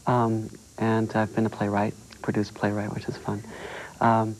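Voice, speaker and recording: A man's voice: fairly low pitch, completely flat delivery, measured pace, darkish tone, a little hiss or hum, rough recording. A man who acts on stage, a guest in a TV studio, talking hesitantly with many restarts. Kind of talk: casual TV interview.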